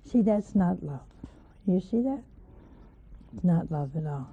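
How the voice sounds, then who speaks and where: Gravelly woman preaching over a tinny line. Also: lowish voice, animated, unhurried. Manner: folksy, questioning, chuckling asides. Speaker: religious teacher. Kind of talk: informal sermon. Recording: tinny phone-like old recording.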